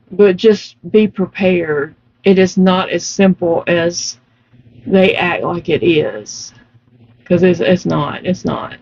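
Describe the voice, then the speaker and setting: A woman chats slowly while crocheting, stressing her points and laughing often. Her voice sits at an ordinary middle pitch. The recording sounds muffled and lo-fi. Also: a little mellow. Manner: slow storytelling, emphatic, laughing often. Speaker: vlogger. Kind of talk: casual chat while crocheting.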